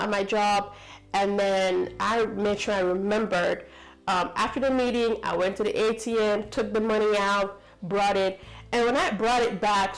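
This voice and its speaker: A woman's voice: mid-range voice, poor audio. Chatty American woman vlogger. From United States. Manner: chatty, rambling, with many fillers and asides. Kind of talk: casual storytelling to camera.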